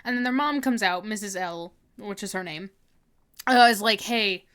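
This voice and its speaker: A woman's voice: medium pitch, normal speed, fairly bright tone, clean tone. A woman streamer chatting casually on a livestream, rambling and giggling.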